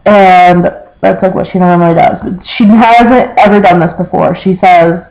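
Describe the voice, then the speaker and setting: A young man with a fairly high voice talks casually to his camera, rambling from one family story to the next. He fills every pause with "like" and slips into quoting his relatives. The sound is dull and lo-fi, like cheap home webcam audio. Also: steady tone, gravelly, darkish tone. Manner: rambling, filler-heavy, quotes family members. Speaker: vlogger.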